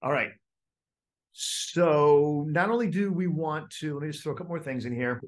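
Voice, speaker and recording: Here a man with a somewhat high voice coaches a group at a moderate pace. The talk is casual instruction, animated and peppered with fillers and restarts, including acted-out inner voices.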